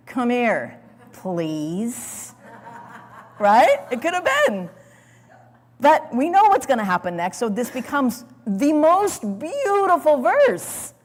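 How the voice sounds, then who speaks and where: A woman pastor preaching a sermon, retelling a story dramatically with sudden loud surges and hushed drops and restarting her words now and then. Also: sits high, big pitch swings, a little slow. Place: church sanctuary. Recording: long reverb of a church hall.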